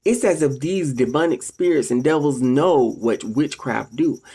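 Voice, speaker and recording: With a husky voice and a somewhat slow pace, a vlogger speaks casually to his viewers, though his manner is sermon-like and full of calls to "ladies and gentlemen." He dramatizes other people's words by raising his voice higher and louder.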